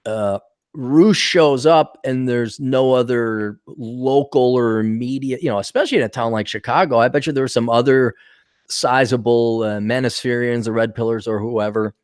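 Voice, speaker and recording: A male podcast host in casual chat, an animated storyteller who acts out the people he quotes. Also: medium pitch, normal speed, dry recording, clean studio sound.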